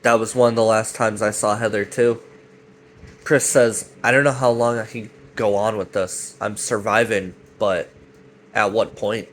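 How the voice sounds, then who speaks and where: A man's voice: on the low side, steady tone, a little slow, slight background noise. Casual profane man rambling a recap. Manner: rambling, profane, acts out quoted lines. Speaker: commentator recapping a web series.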